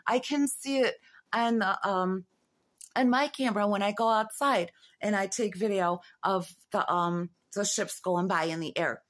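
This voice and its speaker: A woman in her fifties talking to camera in a rambling monologue, halting with fillers and restarts and rising into agitated, urgent questions. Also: medium pitch, fairly bright tone. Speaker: vlogger.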